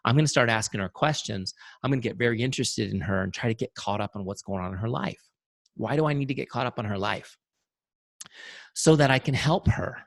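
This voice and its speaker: Teaching sales online, this man speaks briskly in a medium-pitched, gravelly voice without echo. The motivational webinar is emphatic and blunt, full of repeated key phrases and "you guys."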